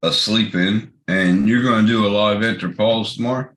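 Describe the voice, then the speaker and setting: A man chatting casually on a live stream call, gruff and teasing, swearing often, with the hiccups. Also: on the low side, steady tone, moderate pace, fairly bright tone, echoey room. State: has the hiccups. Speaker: regular guest on the stream.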